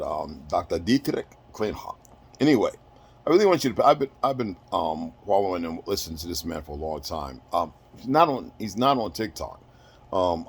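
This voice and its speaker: A man's voice: low voice, slightly rough. A man talking casually to his followers in a rambling way, repeating words and using many fillers. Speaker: social media poster. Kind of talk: casual chat.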